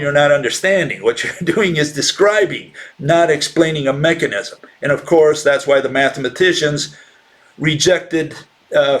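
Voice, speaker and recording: A man giving an informal science lecture, blunt and dismissive of rival ideas, asking rhetorical questions and often restarting with fillers. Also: a little high. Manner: halting, many fillers and restarts.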